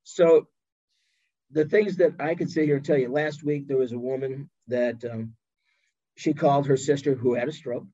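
A man who is a guest on a podcast, telling stories in an animated way and acting out the voices of the people he quotes. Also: medium pitch, moderate pace, lo-fi sound. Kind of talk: storytelling in an interview chat.

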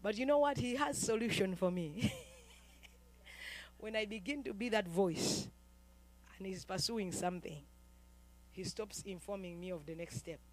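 A woman preacher from Uganda, giving a fervent sermon that swings between quiet talk and shouting. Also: medium pitch, a little slow, pauses often.

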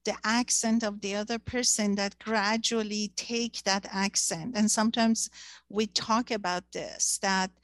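A woman's voice: mid-range voice, steady tone, unhurried, a bit bright, no echo. Woman w/ persian first language, chatting thoughtfully, lots of ums, dry close sound. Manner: thoughtful, searching for words with many fillers. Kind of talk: casual discussion.

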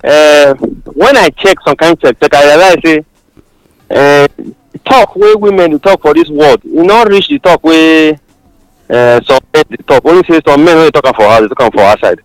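A man with a Nigerian Pidgin accent, co-hosting a radio chat and explaining his points in a measured way. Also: fairly high pitch, dry recording, rough recording. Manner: lively, measured explaining, proverbs. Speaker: radio co-host. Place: radio studio.

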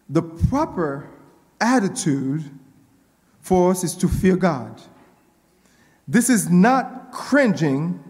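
Preacher guy, high voice, keeps repeating lines and getting worked up, church echo. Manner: call-and-response preaching, repeats phrases, grows excited. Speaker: pastor. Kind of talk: sermon.

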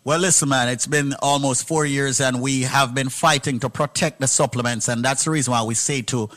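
A man hosting a radio call-in show, prompting his caller in an energetic, salesman-like way. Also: mid-range voice, fairly quick. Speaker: radio host.

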